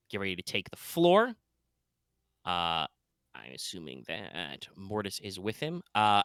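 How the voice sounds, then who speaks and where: A man's voice: fairly low pitch, pushed and bright, clear, resonant tone, no echo. A man narrating a tabletop game as game master, rambling and playful with many fillers.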